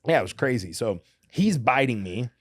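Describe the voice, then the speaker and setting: A man casually telling a long story as a podcast guest, animated and full of restarts. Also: mid-range voice, normal speed, no echo, studio quality. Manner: animated, restarts a lot, says "you know what I mean".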